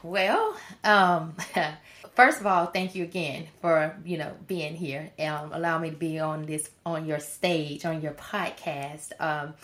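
Woman guest on a podcast, lotta ums and you knows, slow and kinda low. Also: fairly bright tone. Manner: hesitant, with many fillers like "um" and "you know". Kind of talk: casual conversation.

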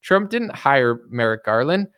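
A man doing casual political commentary, talking quickly and mockingly with many fillers and acted-out quoted voices. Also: mid-range voice, big pitch swings, a bit bright, clear, resonant tone, no echo, studio quality. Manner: rapid, mocking, full of fillers.

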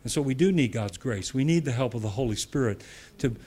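An American man preaches to church leaders in a mid-range, slightly rough voice, speaking fairly quickly with lively intonation. His delivery is emphatic and conversational, building to loud declarations, repeating phrases for effect, and dropping in asides.

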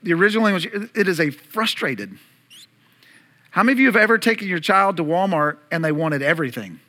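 A man's voice: high voice, animated, brisk, bright, forceful tone. A male pastor preaching an Easter sermon, earnest and direct, asking his congregation questions as he goes.

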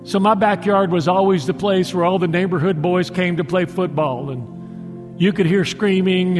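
Male pastor, high voice, dramatic sermon delivery, long hall reverb with music behind. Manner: dramatic, slowing for emphasis.

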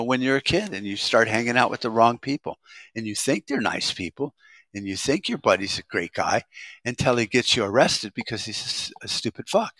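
A man's voice: mid-range voice, a bit bright, no room sound. An American man giving a rambling, profane monologue as a prepper vlogger, with frequent restarts.

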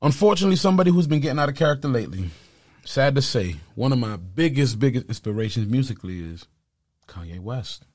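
A man's voice: mid-range voice, lively intonation, fast talker, darkish tone. A man hosting a casual podcast chat, laid-back and slangy, often repeating his phrases. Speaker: podcast host.

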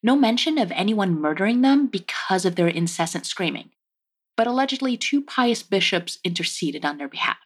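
A woman's voice: medium pitch, expressive, moderate pace, breathy edge. A woman hosting a casual history podcast, telling the story with wry, joking asides. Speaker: podcast host.

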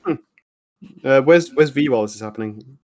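A man's voice: medium pitch, lively intonation, fairly quick, a little mellow. A man playing a tabletop game, chatty and amused. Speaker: player. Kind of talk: tabletop role-play chat.

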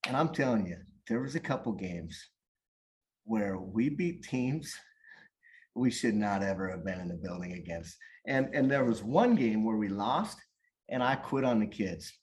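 A man talking in a casual podcast chat, telling a long story about volunteer youth coaching in an animated, rambling way with frequent restarts. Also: fairly low pitch, a little slow. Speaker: guest or co-host, youth soccer coach.

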